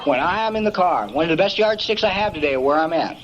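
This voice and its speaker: A man's voice: a little high, animated, fast, lo-fi sound, a little hiss or hum. A man giving a folksy, emphatic storytelling talk at a recovery meeting, peppering it with "man" and "you know".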